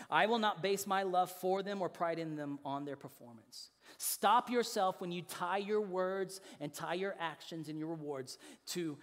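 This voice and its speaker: High-voiced earnest man preaching in a reverberant hall. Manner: earnest and emphatic, repeats key phrases, drops soft and low for emphasis. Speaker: pastor. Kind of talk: sermon.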